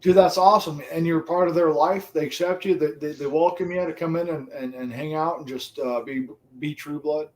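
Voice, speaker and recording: A middle-aged man riffing on a livestream with a voice a touch higher than most. He talks casually and profanely, gets animated and laughs often. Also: a little fast, few pauses. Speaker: livestream co-host. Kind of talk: casual stream chat.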